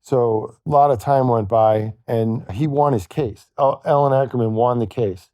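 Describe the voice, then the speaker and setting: A man telling a long personal story as a podcast guest, halting and quoting what others said to him. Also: mid-range voice, warm tone, no echo, studio quality. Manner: halting, retells events with quoted dialogue. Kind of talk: storytelling in conversation.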